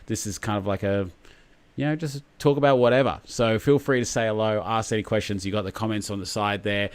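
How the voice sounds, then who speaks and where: A man hosts a casual livestream, chatting in a loose, rambling way and calling out viewers by name. His voice sits on the lower side and sounds dry and close to the mic. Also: steady tone, a little fast, clear, resonant tone, no echo. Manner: laid-back, rambling, greets viewers by name. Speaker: host.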